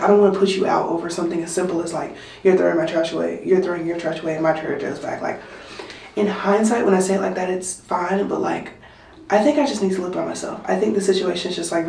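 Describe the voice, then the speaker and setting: A woman's voice: lowish voice, vocal fry, darkish tone, slight background noise. A woman, vlogging casually at home and venting to her viewers, full of "like" and "y'all". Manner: chatty, venting, lots of "like" and "y'all". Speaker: nursing student vlogger. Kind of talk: casual vlog talk to camera. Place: at home in an apartment. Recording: roomy, slightly distant phone recording.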